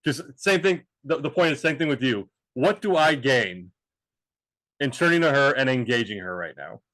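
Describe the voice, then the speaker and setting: A man's voice: mid-range voice, lively intonation, normal speed, a bit bright, dry recording. Rambling man telling a story, dry mic. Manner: rambling storyteller, frequent restarts and swearing. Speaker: podcast co-host. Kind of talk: casual chat.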